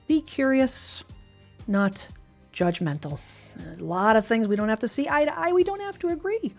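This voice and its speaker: A woman hosting her weekly livestream, talking casually and rambling a little as she answers viewers' comments. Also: on the high side. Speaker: livestream host.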